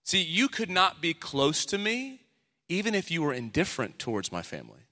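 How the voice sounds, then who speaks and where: A man in his thirties preaching a sermon as pastor, animated, acting out the voices he quotes. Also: on the high side, fairly quick. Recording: long hall reverb.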